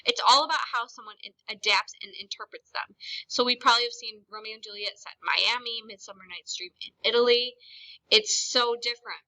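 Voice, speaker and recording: A woman's voice: a little high, a little fast, sharp tone, rough recording. A woman teacher giving a recorded lesson, explaining ideas plainly and speaking straight to her students. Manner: explanatory, addresses students directly.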